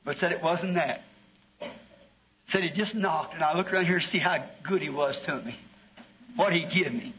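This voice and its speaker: A man's voice: a little high, normal speed, pauses often, a bit bright, lo-fi sound. A middle-aged man preaching a sermon in a fervent, folksy way, telling a story and often repeating his words.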